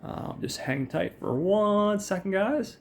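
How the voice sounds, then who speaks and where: A man's voice: sits high, expressive, takes it slowly, a little hiss or hum. A man hosting a casual show and recapping a film in a chatty, rambling, profane way. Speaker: podcast host.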